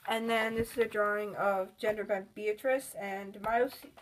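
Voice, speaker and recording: A woman's voice: medium pitch, fairly even intonation, normal speed, slight background noise. A woman chatting casually in a vlog about her sketchbook, rambling and filling with "like". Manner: rambling, with many "like" fillers. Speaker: artist showing her sketchbook.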